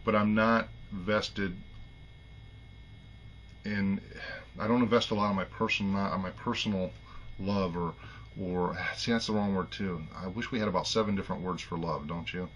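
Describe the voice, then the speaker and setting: A man's voice: deep voice, steady tone, normal speed, pauses often, a bit bright, dull audio, a little hiss or hum. A middle-aged man talking earnestly to camera in a casual monologue, rambling and restarting, getting choked up. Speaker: vlogger.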